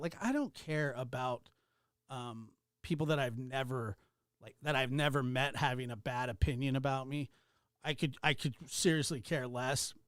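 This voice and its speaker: A man's voice: on the high side, clean tone, no echo, clean studio sound. A man hosting a livestream, ranting heatedly and sarcastically while greeting viewers in chat. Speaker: livestream host. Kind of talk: ranting livestream talk with chat shout-outs.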